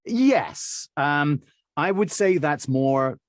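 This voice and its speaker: A man's voice: on the high side, lively intonation, very slow, no echo, clean studio sound. A middle-aged man from Birmingham, England, answering interview questions as a dialect coach, rambling with many fillers and restarts. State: recovering from covid.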